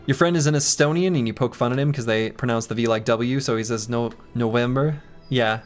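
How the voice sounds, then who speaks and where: A man's voice: mid-range voice, steady tone, fast, soft background music. Joking male game streamer. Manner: joking, rambling, self-mocking. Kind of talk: casual gameplay commentary and chat.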